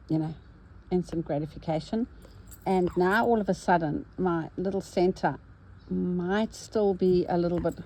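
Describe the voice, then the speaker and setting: A woman's voice: lowish voice, mellow, a little hiss or hum, poor audio. A woman narrating her embroidery vlog, cheerful and chatty as she talks to herself while she stitches at home. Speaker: embroidery vlogger.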